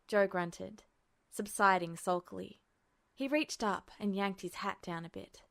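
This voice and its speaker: A woman narrating a fanfiction audiobook in an expressive storytelling manner. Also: mid-range voice, measured pace, gravelly. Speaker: audiobook reader.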